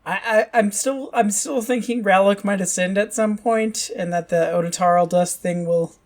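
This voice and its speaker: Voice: medium pitch, normal speed, a little mellow. Hesitant co-host with a mid-range voice, stammers into theories. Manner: hesitant, stumbles into points. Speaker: podcast co-host. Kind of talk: casual book-club chat.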